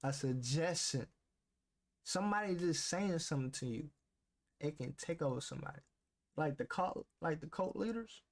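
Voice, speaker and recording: A man's voice: a little high, animated, normal speed. A man casually reading a self-help book aloud and reacting to it in slangy, talk-back commentary. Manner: slangy, talks back to the text, reads passages aloud then riffs.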